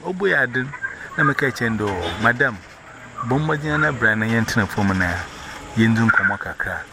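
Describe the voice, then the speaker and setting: A man's voice: medium pitch, gravelly. A man telling a rambling story, repeating words as he goes. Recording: noisy recording.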